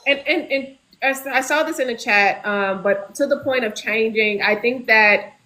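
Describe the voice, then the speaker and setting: A woman's voice: fairly high pitch, normal speed, pushed and bright, poor audio. A woman hosting a casual book discussion over a video call, lecturing in a chatty way. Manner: chatty, lecturing, says y'all.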